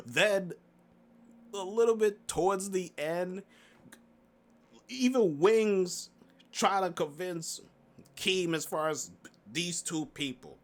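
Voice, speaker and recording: A man's voice: sits high, takes it slowly, long pauses. A man giving a loose, slangy commentary recap of a livestream, laughing often and rambling through fillers and restarts. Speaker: commentary YouTuber. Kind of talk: casual stream recap commentary.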